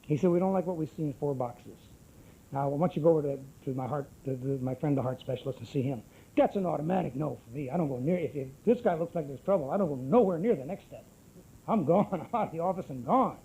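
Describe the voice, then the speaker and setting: A man's voice: a little high, expressive, fast, gravelly, warm tone, husky, rough recording. A middle-aged man giving a brash, wisecracking personal testimony at a recovery group meeting. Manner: brash, salty storyteller with wisecracks.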